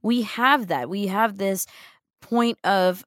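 A woman's voice: a little high, lively intonation, measured pace, no room sound, clean studio sound. A woman co-hosting a talk show, upbeat and emphatic, often checking in with "right?" as she talks. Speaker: co-host. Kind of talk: casual chat.

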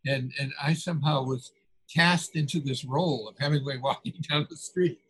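A man's voice: medium pitch, moderate pace, a bit bright, slight background noise, poor audio. An older man, an author being interviewed, telling anecdotes in a chatty way, chuckling and restarting his sentences. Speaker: author guest. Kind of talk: conversational interview.

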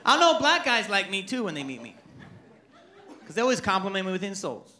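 A man performing a stand-up comedy set on stage, animated and putting on voices for his characters. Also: high-pitched, brisk. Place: comedy club stage with audience. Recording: live stage mic with loud crowd noise.

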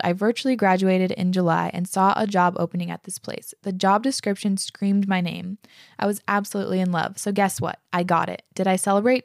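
Gravelly young woman podcast host. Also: mid-range voice, dry recording, studio quality. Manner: casual and chatty, swears freely, gushes with enthusiasm. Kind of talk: casual podcast, reading listener letters aloud.

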